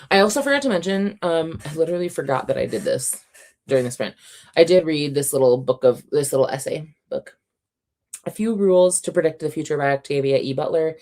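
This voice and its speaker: A woman hosting a casual reading livestream at home, chatty and quick to laugh, her voice a little sore and scratchy. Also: sits low, animated, a little mellow. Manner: chatty, reads out chat comments, laughs often. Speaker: reading sprint livestream host.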